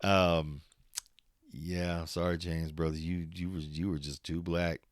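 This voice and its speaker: A man's voice: sits low, level tone, takes it slowly, no echo, studio quality. A man hosting his own podcast, rambling in casual solo talk with lots of swearing and laughter, at times turning into a motivational pep talk. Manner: profane, rambling, laughs often. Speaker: podcast host.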